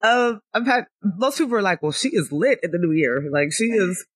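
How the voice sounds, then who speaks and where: Husky, playful woman podcast host. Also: mid-range voice, lively intonation, moderate pace. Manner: playful, laughing, self-mocking. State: stuffy from a cold. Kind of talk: casual chat.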